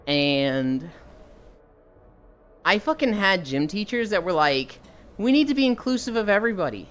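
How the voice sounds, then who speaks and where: A woman's voice: extremely low pitch, a bit bright. A young woman streamer telling casual stories to chat, swearing freely and acting out quoted people in raised voices. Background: faint music.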